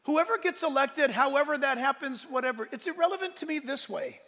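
Pastor guy preaching hard, gravelly voice, big echoey church sound. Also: extremely high pitch, lively intonation, brisk, fairly bright tone. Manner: impassioned preaching, rising and falling in force. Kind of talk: sermon. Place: church sanctuary. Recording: long reverb of a large hall.

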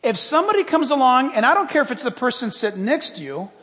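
A man preaching a sermon as a pastor, playful and animated, dropping to hushed asides and rising to shouts. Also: extremely high pitch, fast talker. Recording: long hall reverb.

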